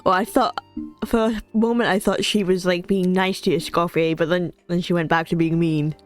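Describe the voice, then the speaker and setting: A woman streamer chatting excitedly while playing a game, often stumbling and repeating words. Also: on the low side, moderate pace, faint music behind. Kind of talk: casual gameplay reaction.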